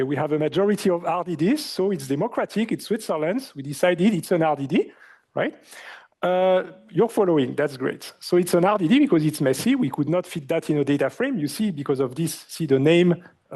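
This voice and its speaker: A man lecturing in a university hall, speaking English with a French accent. His voice is slightly high and mellow. He keeps asking the students questions and fills pauses with "uh" and "um". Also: lively intonation, slightly rough. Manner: asks the class questions, many fillers.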